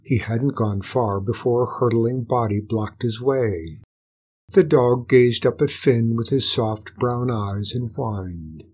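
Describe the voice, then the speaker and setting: A man reading a storybook aloud in a calm, measured, gentle way. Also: medium pitch, breathy edge. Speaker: narrator.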